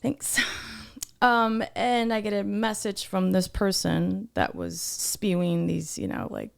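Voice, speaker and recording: A podcast co-host with a mid-range, clean voice and vocal fry takes her time retelling a workplace story. Her casual talk is heated and animated, and she swears a lot.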